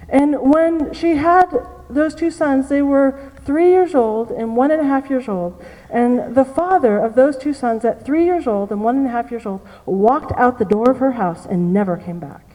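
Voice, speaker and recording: A woman's voice: a little high, warm tone. A woman preaching a sermon, telling a personal story and repeating key phrases for emphasis. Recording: long reverb of a large hall.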